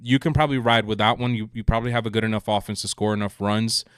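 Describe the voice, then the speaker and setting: A man's voice: on the low side, fairly even intonation, fast, clear, resonant tone, no echo, studio quality. Brash man co-hosting a baseball podcast. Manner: brash, teasing, talks over his co-host. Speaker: podcast co-host. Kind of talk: casual sports chat.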